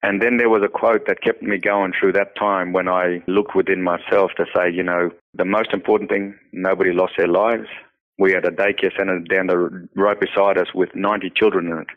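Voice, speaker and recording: Deep flat man, phone line. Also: moderate pace. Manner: earnest, repeats words, many "you know" fillers. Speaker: nonprofit founder, interview guest. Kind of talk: personal storytelling in conversation. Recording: tinny phone-line audio.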